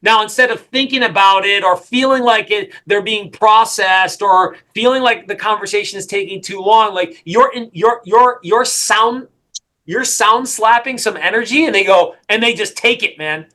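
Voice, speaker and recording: A middle-aged man coaching a sales team, talking in an energetic, emphatic way and often repeating his points. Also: high voice, moderate pace. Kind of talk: coaching session.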